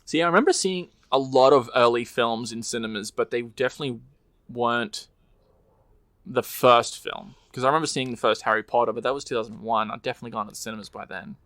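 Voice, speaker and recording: A man's voice: mid-range voice, fast, fairly bright tone, no room sound. A young man co-hosting a casual podcast chat, rambling with lots of ums and quoted movie lines. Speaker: podcast co-host.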